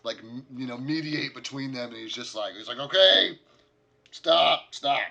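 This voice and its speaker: A man's voice: mid-range voice, fairly quick, fairly bright tone. A man narrating as the game master of a tabletop game in a rambling way, full of fillers.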